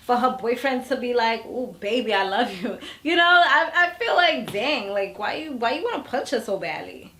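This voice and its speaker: A woman vlogger giving a casual, gossipy recap of a TV episode, animated and full of slang, often acting out what people said. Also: fairly high pitch, moderate pace, hardly any pauses, slight background noise. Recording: echoey room.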